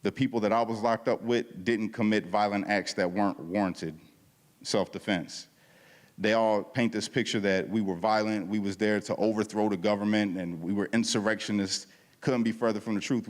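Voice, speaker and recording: A man with a fairly low voice tells his testimony from the front of a church, loose and slangy, jumping into the voices of the people in his story. His words ring out with a long reverb in the hall. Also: fairly quick. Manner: animated storytelling, acting out quoted dialogue; casual, slangy. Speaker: guest speaker at a church service. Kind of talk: testimony talk.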